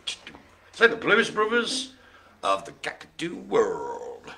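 A man's voice: mid-range voice, huge pitch swings, slow, creaky, sharp tone, slight background noise. A man hosting a live online bingo show, cracking puns and making silly noises between calls. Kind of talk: jokey live bingo calling.

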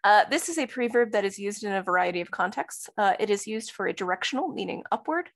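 A woman's voice: mid-range voice, expressive, fast talker, creaky, dry recording. A woman giving an academic talk on phonology, explaining examples step by step with frequent fillers. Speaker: linguistics presenter.

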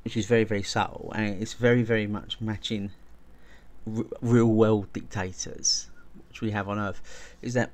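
Lower-pitched man rambling through fan commentary. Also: flat delivery, normal speed, darkish tone. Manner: enthusiastic, rambling, with frequent restarts and repeated words. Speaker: video essay host. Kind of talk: casual spoken video commentary.

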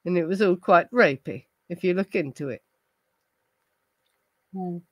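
A woman's voice: lowish voice, measured pace, no room sound, low-quality recording. A woman hosting a casual livestream chat, tipsy and ranting with rambling, heavy swearing. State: tipsy from gin. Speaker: host of a true crime livestream.

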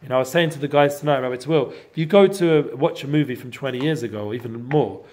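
A man giving a casual inspirational talk to a group, rambling with many fillers and breaking into sudden loud bursts. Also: medium pitch, fast talker. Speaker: guest speaker.

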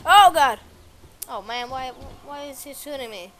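Excitable woman taunting game enemies. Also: sits high, a little slow. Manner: frequent exclamations and repeated words. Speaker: gameplay video maker. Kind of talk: gameplay commentary. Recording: music playing loud behind voice. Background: background music and game sounds.

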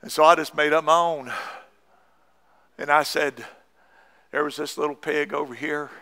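A man pastor, preaching a fervent sermon that rises into shouts. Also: fairly high pitch, fairly even intonation, normal speed. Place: church sanctuary.

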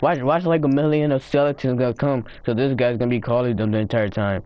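A man giving rowdy, profane commentary while playing a game, often breaking into loud high-pitched yells. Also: fairly even intonation, fast, dry recording. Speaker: gamer recording his play. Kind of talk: casual gaming commentary.

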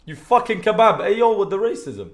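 A young British man, a streamer, giving crude, joking live commentary on his game with sudden shouted outbursts. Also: sits high, very animated, brisk, faint music behind. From Britain. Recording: roomy echo.

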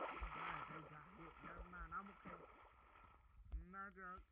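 Excitable crude young man, noisy recording. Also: high-pitched, unhurried. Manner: crude and excitable, swearing and shouting at the game. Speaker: gamer. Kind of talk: game commentary. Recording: loud background noise.

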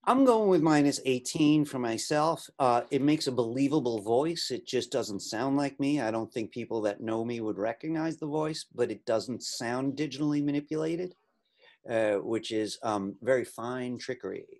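A man teaching an online class, talking casually with many fillers while he demonstrates software. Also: medium pitch, animated, moderate pace. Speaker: instructor.

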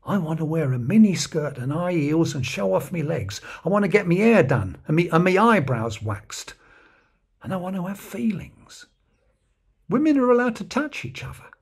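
A man voicing a working-class bloke who confides in hushed tones, speaking. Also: high voice, expressive, normal speed, gravelly, breathy edge, voice pushed up, heavily acted. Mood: eager.

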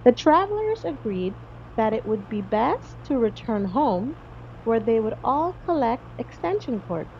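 Woman storybook narrator: high-ish voice, very animated, unhurried, in a slightly dull recording. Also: slight background noise. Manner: slow, expressive read-aloud. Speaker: audiobook narrator. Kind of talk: children's storybook reading.

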